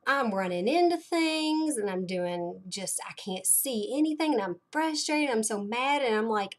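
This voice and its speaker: A woman who hosts a livestream for the blind community chats casually in a medium-pitched voice, keeping a measured pace with few pauses. Her talk rambles, loaded with fillers and dramatic asides.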